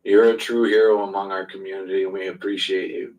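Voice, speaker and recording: A man in an online voice chat, calmly consoling and reassuring another participant. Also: low voice, quick pace, recorded from a distance, poor audio. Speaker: Twitter space participant. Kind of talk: group voice chat.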